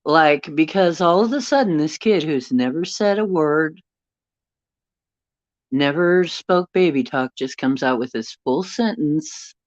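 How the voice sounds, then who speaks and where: A woman's voice: low voice, expressive, measured pace, no echo, dull audio. A middle-aged woman telling a rambling personal story to a live chat, stopping now and then to greet viewers. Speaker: paranormal livestream host.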